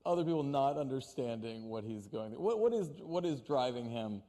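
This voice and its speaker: A man's voice: medium pitch, expressive, a little fast, dark tone. Rambling male interviewer in a reverberant hall. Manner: rambling questions, repeats words, laughs often. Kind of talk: press interview on stage. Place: on a stage before an audience.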